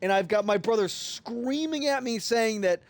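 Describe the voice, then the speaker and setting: Animated, high-voiced male streamer. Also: normal speed. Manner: profane, rambling, animated. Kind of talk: casual storytelling while gaming.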